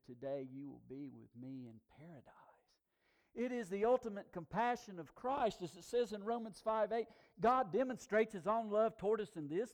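A man preaching a sermon as pastor, swinging between hushed passages and loud, emphatic declarations. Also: sits high.

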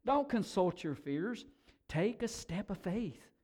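Storybook stranger, kindly and unhurried, slightly high read by a male preacher. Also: full character voice. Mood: calm. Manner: calm, slow, inviting. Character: gentle wise male stranger bringing fire.

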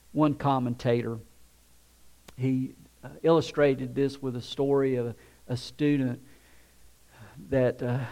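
A male pastor preaching a sermon and telling a story, shifting from soft, hushed passages to loud ones. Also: medium pitch.

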